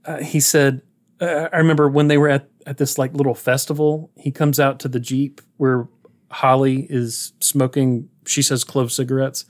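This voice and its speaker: A man's voice: mid-range voice, level tone, moderate pace. A man hosting a podcast in casual chat, retelling movie scenes in a rambling way and chuckling as he goes. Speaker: podcast host.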